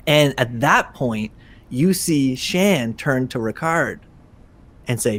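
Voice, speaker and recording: Casting note: man fan-show co-host, mid-range voice, animated and rambling. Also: mid-range voice, fairly quick. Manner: animated, excitable retelling with many restarts. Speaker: podcast co-host. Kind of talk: casual chat.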